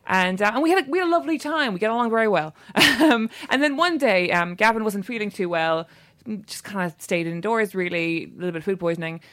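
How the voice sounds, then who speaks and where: A woman's voice: mid-range voice, expressive, quick pace, fairly bright tone. An Irish woman from Ireland chatting on a podcast, telling stories and laughing often. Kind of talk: casual chat.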